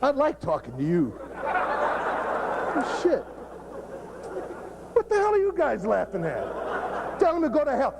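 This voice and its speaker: A man's voice: very high-pitched, huge pitch swings, unhurried, creaky, pauses often, a crowd in the background, noisy background. A man who is a football coach, giving a joking, blunt, profane talk at a coaching clinic. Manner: blunt and profane, cracking jokes.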